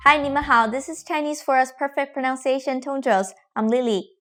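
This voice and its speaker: A woman teacher leading a pronunciation drill, modelling each word slowly and deliberately for learners to repeat. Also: sits high, fairly bright tone. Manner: slow, deliberate modelling of tones. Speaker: Chinese teacher.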